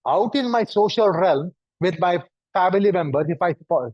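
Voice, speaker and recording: A man giving a lecture, speaking deliberately and piling up synonyms for emphasis. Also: high voice, animated, a little mellow, no echo. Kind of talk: lecture to an audience. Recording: dull, dry recording.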